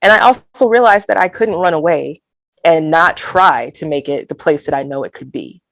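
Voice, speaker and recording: A woman's voice: low voice, normal speed, fairly bright tone, no echo. A woman from Alabama, speaking as a guest poet in an interview, talking candidly and earnestly with light laughs and quoted inner thoughts. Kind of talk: reflective conversational interview.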